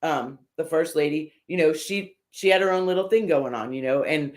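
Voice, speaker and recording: Older woman, interview guest, lively storyteller, acts out what others said, frequent "um" and "uh", casual and unpolished. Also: low-pitched, normal speed. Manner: animated storyteller who acts out what others said, with many fillers. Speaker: guest, custom motorcycle builder.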